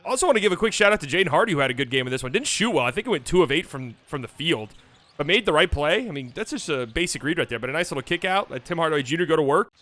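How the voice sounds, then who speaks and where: A man hosting a basketball channel, breaking down game highlights with playful, joking asides. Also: expressive, racing, fairly bright tone. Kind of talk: game film breakdown commentary.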